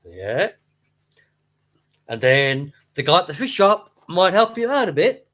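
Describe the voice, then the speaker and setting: His voice sits high and sing-song, unhurried and a bit bright, as this fishkeeping channel host leafs through old books. He rambles casually, cracks jokes with asides, and puts on silly voices.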